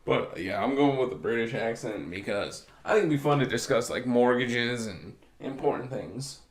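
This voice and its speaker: A mid-pitched man co-hosting a casual podcast, laid-back and teasing as he tosses out would-you-rather questions. His voice carries a roomy echo from the space around him. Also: normal speed. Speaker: podcast co-host.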